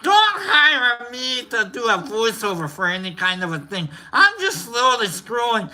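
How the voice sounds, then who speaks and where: Brief: male streamer, fake drunk Scottish accent, rambly and profane, very bright sharp tone, swooping pitch. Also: sing-song, unhurried, few pauses. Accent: put-on drunk Scottish accent. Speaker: livestream host. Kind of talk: casual livestream chat.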